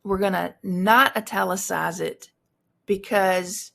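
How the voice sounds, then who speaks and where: A woman's voice: mid-range voice, steady tone, slow pace, vocal fry, a bit bright. A woman instructor explaining formatting rules in a recorded tutorial, talking through examples with frequent fillers and restarts.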